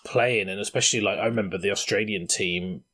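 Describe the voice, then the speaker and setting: A man hosting a casual gaming podcast, telling long rambling stories in an animated way, a little tipsy. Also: lowish voice, a little fast, husky. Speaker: podcast host. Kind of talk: casual chat.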